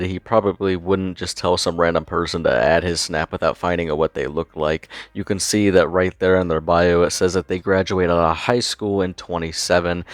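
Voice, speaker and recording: Young male commentator, very low voice, dry close sound, mocking and disbelieving, swears a lot. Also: no room sound. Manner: incredulous, sarcastic, swears freely. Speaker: online commentator. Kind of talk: commentary narration.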